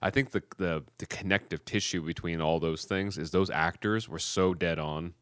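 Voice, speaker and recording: A podcast host rambles through casual chat with lots of fillers and restarts. He has a low, steady, clear, resonant voice, a bit bright, at normal speed, recorded dry with clean studio sound.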